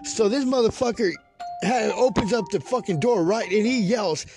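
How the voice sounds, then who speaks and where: A man from California's Central Valley with a high voice tells a rambling story packed with swearing. He laughs at his own tale as he goes. Faint music plays under him. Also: normal speed. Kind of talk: casual profane storytelling monologue.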